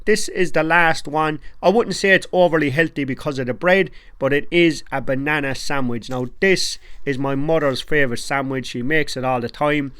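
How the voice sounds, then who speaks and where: A man's voice: fairly high pitch, moderate pace, few pauses, fairly bright tone, clean tone, no echo. An Irish man in his thirties, chatting casually and jokily with slang as he makes food for a home cooking vlog. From Ireland. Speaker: home cook and vlogger.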